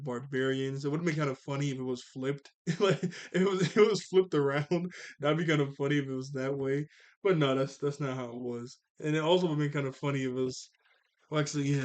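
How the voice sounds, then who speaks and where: A young man casually recapping a cartoon episode, rambling with lots of "like", restarts and chuckles at his own jokes. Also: medium pitch.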